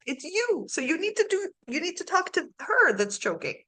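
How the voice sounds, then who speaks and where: Lively, bright-voiced woman coaching. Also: very high-pitched, normal speed. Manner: animated, acts out inner dialogue with laughs. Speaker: life coach. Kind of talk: coaching session.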